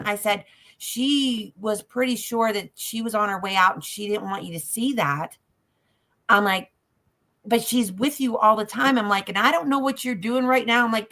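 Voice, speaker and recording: Woman, storyteller type, acts out all the voices, jokes about herself, high-ish voice. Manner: lively storyteller who acts out every voice in the story. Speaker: psychic ghost tour guide. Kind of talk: animated anecdote on a talk show.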